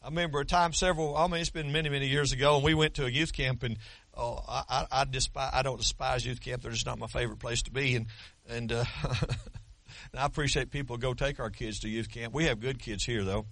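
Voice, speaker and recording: Brief: pastor in his 60s, forceful, folksy sermon, dry close sound. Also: medium pitch, steady tone, a little fast, no room sound. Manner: folksy storytelling with humor.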